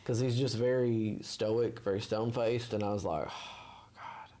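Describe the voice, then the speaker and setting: A man's voice: on the low side, steady tone, moderate pace, warm tone. A man co-hosting a podcast, chatting casually and profanely, rambling and laughing often. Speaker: podcast co-host.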